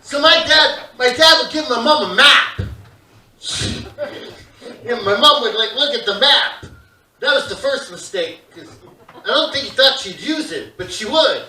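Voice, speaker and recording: A man in his fifties from Canada doing stand-up comedy on a theater stage, rambling through animated off-topic asides. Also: extremely high pitch, a little slow. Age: 50s. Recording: echoey live theater from far off. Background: audience laughter.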